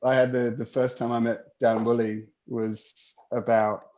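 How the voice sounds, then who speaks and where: A man's voice: medium pitch, flat delivery, unhurried, darkish tone. A man telling friendly anecdotes in a casual video chat, laughing as he goes. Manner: anecdotal, laughs through stories. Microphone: video call. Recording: dull video call audio with faint noise.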